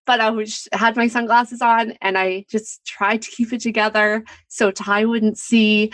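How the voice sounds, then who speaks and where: A woman's voice: fairly high pitch, little pitch movement, measured pace, few pauses, fairly bright tone, no room sound. A woman guest on a podcast, talking candidly in a casual chat, laughing often and quoting others in a lifted voice.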